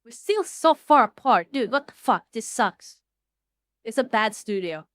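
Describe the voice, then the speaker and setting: A woman streaming casually, excitable and foul-mouthed, swinging between loud outbursts and low mumbling. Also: unhurried, no room sound, clean studio sound. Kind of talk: casual livestream chat.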